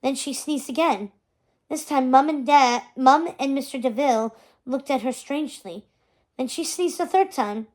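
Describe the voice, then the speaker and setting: A woman reading a chapter book aloud, with gentle, expressive narration. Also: high-pitched, measured pace. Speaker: reader. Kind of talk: storybook read-aloud.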